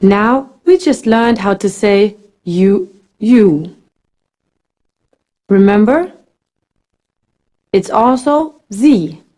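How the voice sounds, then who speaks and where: A woman teaching a scripted language lesson at a very slow, deliberate pace. Her voice is mellow and warm, and her pitch moves a lot as she models each phrase with careful enunciation. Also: lively intonation.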